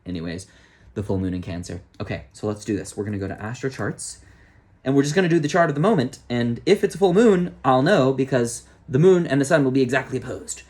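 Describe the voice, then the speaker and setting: A man's voice: mid-range voice, quick pace, darkish tone. Young male astrologer, loose and jokey, talks to himself, mid-range voice, casual stream. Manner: rambling, self-talking, jokey. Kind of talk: casual live-stream chat.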